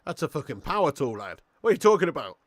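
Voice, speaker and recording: A man's voice: fairly high pitch, very animated, quick pace, no room sound. A young man hosting a live football watch-along who chats, swears and laughs, bantering with viewers in the chat.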